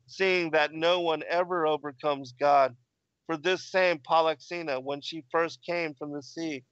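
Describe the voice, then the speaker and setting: A calm, consoling older apostle, read out by a man in a fairly high voice. The sound is dull and dry. The delivery stays plain and measured. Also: no room sound, close to an everyday voice.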